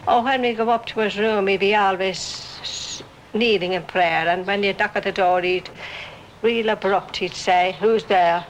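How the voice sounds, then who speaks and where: A woman's voice: medium pitch, fairly even intonation, normal speed, slight background noise, low-quality recording. A woman, recalling visits in an amused way. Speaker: neighbour recalling. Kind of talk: reminiscence.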